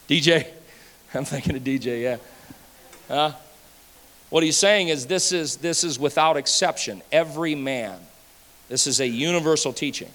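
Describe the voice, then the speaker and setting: Animated high-voiced man preaching in a hall. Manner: animated, rhyming and playful, swings between loud and hushed. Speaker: pastor. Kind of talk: sermon. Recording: hall reverb.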